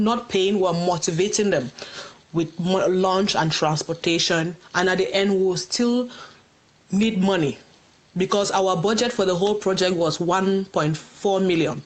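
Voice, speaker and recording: A woman's voice: fairly low pitch, moderate pace. A woman hosting a livestream for a community group, explaining things patiently and reading viewer questions aloud. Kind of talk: live Q&A on a Facebook stream.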